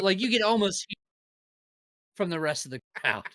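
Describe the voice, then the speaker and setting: Guy cohosting a wrestling pod, swears a lot, bright voice, dry sound. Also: a little high, fairly quick, no echo. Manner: animated, swearing freely. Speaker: podcast co-host. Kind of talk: casual chat.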